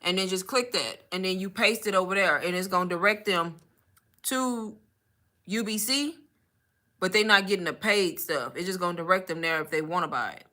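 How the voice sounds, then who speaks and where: A woman's voice: on the low side, normal speed, pushed and bright. A woman teaching in a casual live Q&A, chatty and instructive, often addressing the listeners as y'all. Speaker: online marketing coach.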